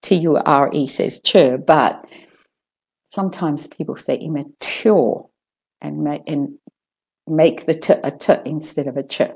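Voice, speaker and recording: A woman with an Australian accent teaching a pronunciation lesson, slowly modelling words again and again for learners to copy. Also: low-pitched, fairly even intonation, creaky, a little mellow, breathy edge. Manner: slow, deliberate, models words repeatedly for copying.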